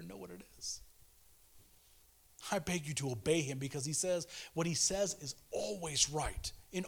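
A man in his thirties preaching a relaxed devotional message in a somewhat high voice. He pleads earnestly, rising to fervent urgency and dropping to soft, hushed tenderness. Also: a little slow, gravelly, breathy edge. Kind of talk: casual devotional sermon.

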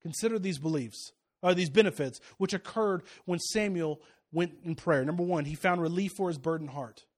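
A man with a somewhat high voice preaches a sermon and shares a personal story, swinging from loud, climbing exhortation to quiet, confiding asides. He speaks at a moderate pace and rarely pauses.

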